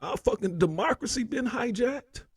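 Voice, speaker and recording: A man's voice: very high-pitched, expressive, moderate pace, husky, no room sound. A man hosting a political commentary show, ranting heatedly with constant profanity and repeated "man".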